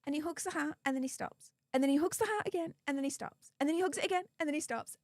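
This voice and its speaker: A woman's voice: high voice, expressive, fast talker, a bit bright, no echo, studio quality. A woman with a Yorkshire accent hosting a casual livestream, bubbly and effusive as she greets viewers one after another. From England. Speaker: livestream host. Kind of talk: casual livestream chat with viewer shout-outs.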